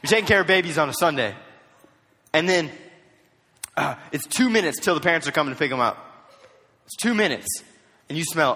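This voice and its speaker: Young male youth speaker, storytelling sermon, playful and animated, voice a touch high, long hall reverb. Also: normal speed, pauses often. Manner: animated, jokey, acts out quotes in voices.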